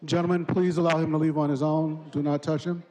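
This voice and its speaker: A man's voice: a little high, flat delivery, fast talker, dark tone, low-quality recording. A man chairing a public hearing, speaking in a firm, formal way. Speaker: hearing moderator.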